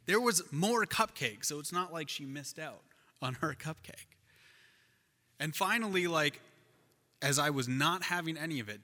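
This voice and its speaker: A man delivers a sermon in a church, his bright, forward voice rising and dropping as he tells a story. The sound carries a long, echoing reverb from the hall. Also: medium pitch, unhurried. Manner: animated storyteller, shifts loud and soft. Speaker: pastor.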